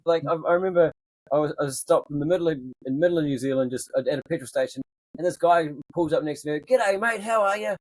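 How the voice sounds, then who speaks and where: A man hosting a casual chat podcast, encouraging and quick with short replies. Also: fairly high pitch, steady tone, darkish tone, dry recording, rough recording. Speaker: podcast host.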